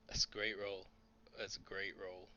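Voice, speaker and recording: A man with a low, bright, forceful voice runs a tabletop game as game master, narrating calmly. The sound is a little dull and lo-fi. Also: moderate pace, a little hiss or hum.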